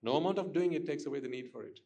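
A man's voice: fairly high pitch, expressive, very fast, mellow. A man giving a Buddhist dharma talk to listeners, questioning them and repeating his points for emphasis. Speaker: Buddhist teacher.

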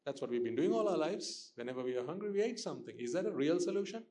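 A man's voice: fairly high pitch, expressive, fast talker, few pauses, mellow. A man giving a Buddhist dharma talk to listeners, questioning them and repeating his points for emphasis. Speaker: Buddhist teacher.

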